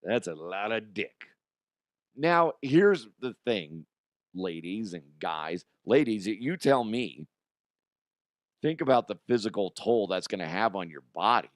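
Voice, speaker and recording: A man hosting a casual comedic news show, his voice hoarse and strained, joking crudely and laughing often. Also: fairly low pitch, lively intonation, measured pace, dry recording, clean studio sound. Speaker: podcast host.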